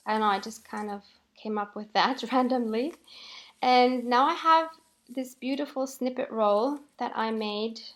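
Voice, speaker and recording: A woman calmly narrating a voiceover for her crafting video, explaining each step with light laughs. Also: fairly high pitch. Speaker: craft channel host.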